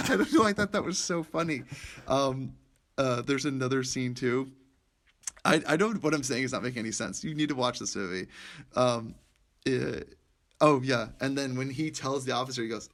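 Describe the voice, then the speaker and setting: A young man co-hosting a podcast, chatting casually and excitedly about movies, rambling and laughing often. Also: mid-range voice, moderate pace, pauses often. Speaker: podcast co-host.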